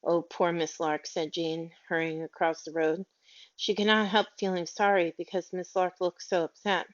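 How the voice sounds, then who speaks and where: A woman narrating a children's story aloud in a gentle, measured reading. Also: lowish voice, steady tone. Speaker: audiobook reader. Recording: dull lo-fi audio.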